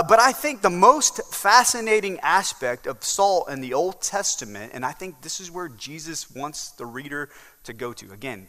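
A male pastor with a Southern accent gives a sermon in a church sanctuary, the hall's long reverb trailing his words as he builds emphasis and asks "right?" often. His voice is mid-range with a sharp edge.

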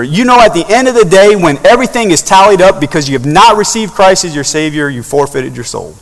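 A man's voice: high voice, animated, brisk, hardly any pauses. A man preaching a sermon, rising repeatedly to impassioned peaks. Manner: building to impassioned crescendos. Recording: long hall reverb.

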